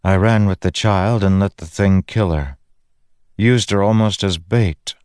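A male narrator voicing a sharp-tongued, defiant woman queen with a scornful, snappish manner. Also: sits low, measured pace, smooth, no room sound, studio quality, pitched above the performer's own voice. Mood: haunted, accusing.

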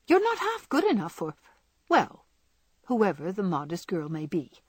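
A woman's voice: medium pitch, huge pitch swings, breathy edge, no room sound, heavily acted. A woman reading as a frank, spirited young woman. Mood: brisk. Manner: brisk scolding, softening to tender.

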